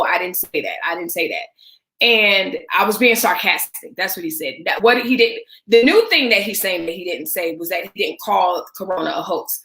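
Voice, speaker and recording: A woman's voice: medium pitch, sharp tone, echoey room, rough recording. A woman hosting a casual livestream chat, candid and emphatic, speaking straight to her viewers with a sarcastic edge. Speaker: livestream host.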